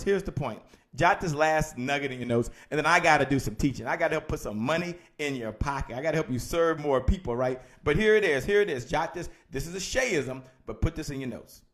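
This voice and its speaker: A man hosting a live-streamed motivational sales coaching session, energetic and repetitive, calling out viewers by name. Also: a little high. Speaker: host.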